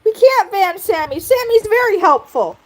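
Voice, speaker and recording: A woman hosts a casual livestream and talks straight to her chat. Her voice sits high and bounces up and down a lot. She sounds animated and giggles easily. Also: moderate pace, poor audio. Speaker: livestream host.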